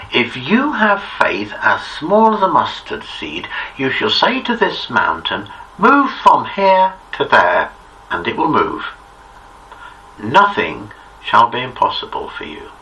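Jesus, solemn teacher of men, read by a male narrator; slow, bright tone, muffled and faintly hissy. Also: medium pitch, exaggerated voice. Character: Jesus, grown man teacher, stern and solemn. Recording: distant muffled recording, faint hiss.

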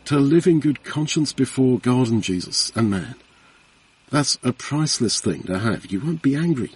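Earnest husky preacher, distant mic. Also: male voice, mid-range voice, darkish tone. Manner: earnest, conversational, repeats phrases for emphasis. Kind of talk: bible teaching sermon. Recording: voice from far off the mic.

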